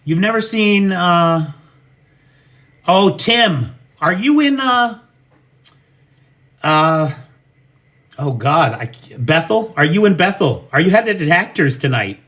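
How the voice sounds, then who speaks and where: This American livestream host cooks in his home kitchen while ranting in a blunt, profane way. His high voice is sing-song and fairly bright, and he takes it slowly with frequent pauses.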